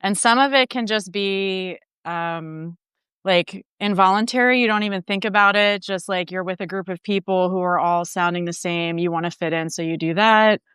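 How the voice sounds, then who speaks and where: Woman host, middle pitch, smooth clear voice, dry sound; engaged interviewer. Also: moderate pace, fairly bright tone, no room sound. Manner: engaged, frequent affirmations and questions. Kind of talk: casual interview.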